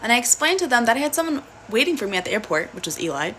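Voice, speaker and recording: A young woman telling a personal story in a casual, blunt and profane way, animated throughout. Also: on the high side, racing, slight background noise.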